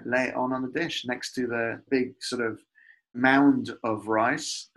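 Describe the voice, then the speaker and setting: A middle-aged man from Peru, a guest telling animated, heartfelt stories about family cooking. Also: medium pitch, breathy edge, low-quality recording. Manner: warm, animated storytelling about food. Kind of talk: casual conversation.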